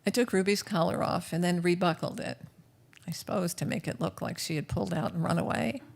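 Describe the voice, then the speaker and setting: A woman's voice: fairly low pitch, brisk, vocal fry. A woman telling a personal story live at a café, in a vivid, well-paced first-person manner. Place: café stage.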